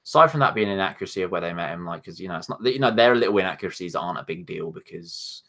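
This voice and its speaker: A man's voice: low-pitched, lively intonation, very fast, a bit bright. A man co-hosting a casual film review, rambling with lots of fillers and restarts.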